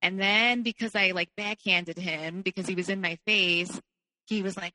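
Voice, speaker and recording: Bright-voiced woman in a reverberant hall. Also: medium pitch, moderate pace. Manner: candid, heavy use of "like". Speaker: podcast guest. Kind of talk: personal storytelling.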